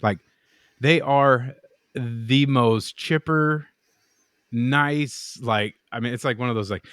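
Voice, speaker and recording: A man's voice: mid-range voice, unhurried, fairly bright tone, no echo. A man co-hosting a podcast in casual chat, rambling through stories, swearing and acting out what people said. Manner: rambling storyteller, swears, acts out quotes. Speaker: podcast co-host, knifemaker.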